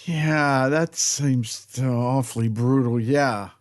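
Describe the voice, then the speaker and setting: Soft-spoken, hesitant man podcaster. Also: medium pitch, slow pace, no echo, studio quality. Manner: soft-spoken, hesitant, reacting with short replies. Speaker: podcast co-host. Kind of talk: casual chat.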